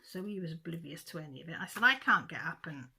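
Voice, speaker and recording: A woman's voice: sits low, animated, fast talker, pushed and bright, slightly rough. A middle-aged woman telling a rambling, chatty story about her pets in a casual vlog. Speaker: craft vlogger. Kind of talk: casual chat.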